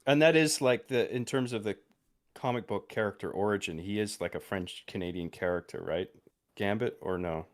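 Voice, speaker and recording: A man's voice: on the low side, normal speed. A man guesting on a casual movie review chat, thinking aloud hesitantly with restarts.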